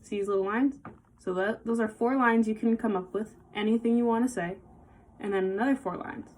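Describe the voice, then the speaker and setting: A woman's voice: a little high, fairly quick, a little mellow, slight background noise. A woman giving a casual songwriting lesson, patiently explaining and counting beats aloud, with guitar playing behind her. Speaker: music teacher.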